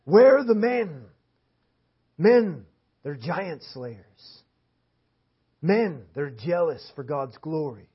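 A man whose husky voice sits on the high side preaches in a church hall with lively intonation, drawn-out words and long pauses. He drives points home through emphatic, repeated phrases. The audio is dull and lo-fi.

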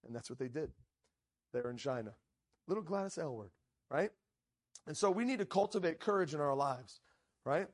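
A man's voice: mid-range voice, fairly quick, long pauses. A male preacher telling a story in a sermon, acting out the quoted lines and often checking in with "right?". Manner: animated storyteller, frequent "right?" asides, acts out quoted lines. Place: church.

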